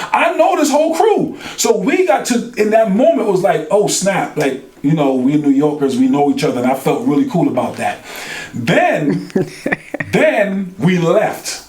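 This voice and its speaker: Animated New man telling a story. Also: a little high, roomy sound. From New York. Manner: animated, acts out quoted dialogue with colloquial slang. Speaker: podcast co-host. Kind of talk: casual storytelling chat.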